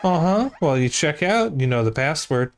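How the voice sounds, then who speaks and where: A man's voice: a little high, sing-song, normal speed, soft background music. A man voicing a fussy male doorman in a game, chipper and mock-formal.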